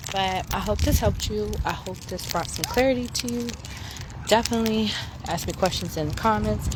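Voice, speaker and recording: A woman in her thirties talking frankly and emphatically to camera while out on a morning walk, swearing freely. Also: medium pitch. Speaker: vlogger. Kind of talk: casual rant to camera. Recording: noisy outdoor phone recording.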